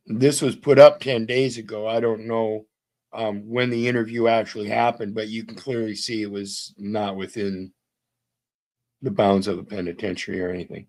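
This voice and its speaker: Low-voiced man hosting casually. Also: little pitch movement, moderate pace, darkish tone. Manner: loose, slangy, talks to the audience. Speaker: podcast host. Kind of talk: casual commentary.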